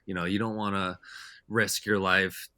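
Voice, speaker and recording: A man's voice: low voice, little pitch movement, moderate pace, pushed and bright, no echo, clean studio sound. A man, a podcast guest, telling stories in a loose, rambling, casual way. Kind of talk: casual storytelling chat.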